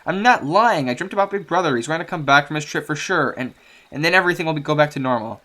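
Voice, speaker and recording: A man's voice: medium pitch, fast talker, sharp tone, lightly acted. A man voicing a timid, fearful young girl who pleads with her parents. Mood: insistent.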